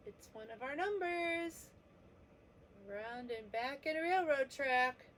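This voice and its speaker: A woman leads a preschool letter lesson, speaking slowly and gently as she sounds out each letter. Her voice sits a little high. A faint hiss runs under the recording. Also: lively intonation. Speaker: children's teacher.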